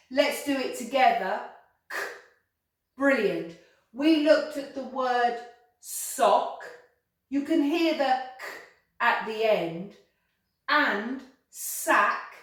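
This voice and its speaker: A woman teaching children a slow English phonics lesson, sounding out letters clearly and encouraging them to repeat. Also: on the high side. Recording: very echoey room, voice from a distance.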